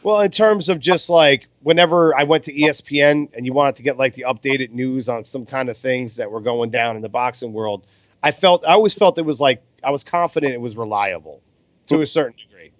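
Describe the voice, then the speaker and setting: A man's voice: medium pitch, brisk, no echo. A man co-hosting a casual boxing podcast, commentating on fights over beers in a laid-back, sweary way. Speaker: podcast co-host. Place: home in Las Vegas. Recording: dull, dry lo-fi sound.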